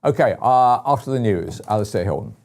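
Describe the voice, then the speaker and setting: A man's voice: on the low side, lively intonation, brisk, a little mellow, slight background noise. A man with a British accent hosting a talk radio show, rambling and exasperated, with lots of fillers and restarts. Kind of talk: opinionated talk radio chat.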